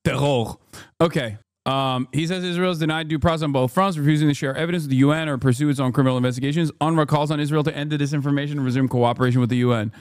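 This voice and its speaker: A man in his thirties casually commenting on a live stream, talking loosely with restarts and reading headlines aloud quickly. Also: fairly high pitch, fairly even intonation, darkish tone, clean tone, dry recording, studio quality. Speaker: streamer reacting to news.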